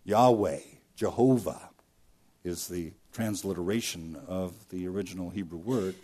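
Male pastor, sermon delivery, low mellow tone, big dynamic swings, repeats for emphasis. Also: unhurried. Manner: preaching with swings from loud emphasis to hushed drops; repeats key phrases for emphasis.

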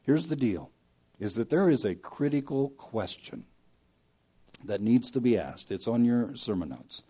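A man preaching a sermon as pastor, swinging between loud emphatic bursts and hushed drops, and repeating key phrases for weight. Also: mid-range voice, animated, unhurried, husky.

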